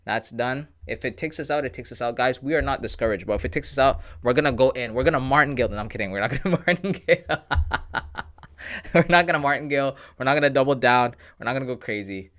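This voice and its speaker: A man's voice: mid-range voice, fast talker, few pauses, a bit bright. Laid-back slangy man hosting a livestream. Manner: laid-back, joking, reads chat aloud, slangy. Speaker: livestream trading host. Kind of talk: casual livestream chat with viewers.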